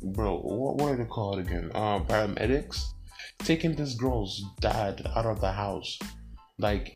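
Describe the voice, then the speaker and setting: A man's voice: lowish voice, a little mellow. A young man ranting as a vlogger, heated, profane and rambling, full of slang. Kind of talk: profane rant to camera.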